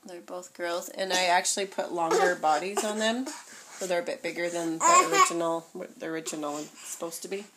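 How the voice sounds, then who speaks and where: A woman's voice: lowish voice, lively intonation, fairly quick, heavy background noise. A young woman chatting casually as she shows her reborn doll collection, rambling with fillers and self-corrections. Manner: talks softly, sometimes dropping to a near whisper. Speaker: vlogger showing her reborn dolls. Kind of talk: casual chat.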